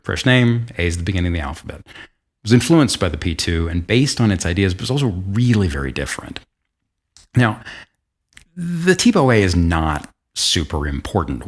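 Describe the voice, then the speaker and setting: A man with a low, deep voice hosts a podcast and tells a history story in his own casual way. He talks in a chatty, self-deprecating style, full of asides and quick restarts. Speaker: podcast host.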